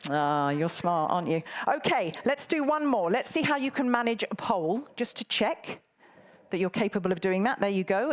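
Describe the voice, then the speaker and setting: A woman moderating a live conference, bantering and teasing the audience in a playful way. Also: medium pitch. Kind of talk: live event hosting.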